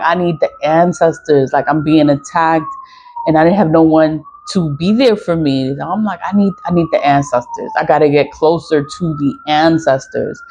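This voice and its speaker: A woman's voice: on the low side, a little mellow. A woman talking casually to her viewers in a rambling, profane monologue, laughing often as she talks. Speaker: spiritual vlogger selling cleansing products.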